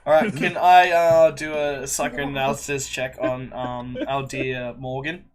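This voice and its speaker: A man's voice: medium pitch, flat delivery, measured pace, a crowd in the background. A man playing a tabletop game, chatting casually and laughing a lot. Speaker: player.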